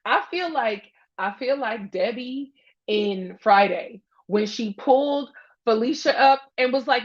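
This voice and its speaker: A woman's voice: fairly high pitch, a little slow. A woman hosting a casual sports talk, reacting to game footage with laughter and acting out players' lines. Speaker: host. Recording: dull lo-fi sound.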